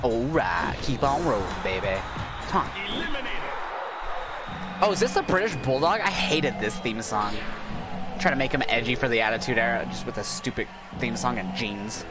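A man giving excitable, cursing commentary while playing a video game, his voice going hoarse. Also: mid-range voice, normal speed, pauses often. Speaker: gaming channel host. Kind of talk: casual gameplay commentary. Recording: game music loud behind voice. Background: video game music.

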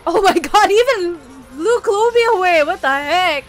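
A woman hosting an anime reaction video, giving live commentary in an excitable way, exclaiming and laughing often. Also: very high-pitched, unhurried.

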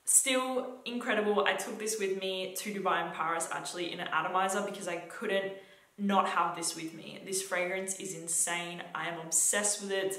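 A woman's voice: lowish voice, steady tone, moderate pace, sharp tone. A young Australian woman reviewing fragrances in a vlog, talking in a gushing way with lots of "like" and repeated words. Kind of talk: enthusiastic product review vlog. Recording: echoey room.

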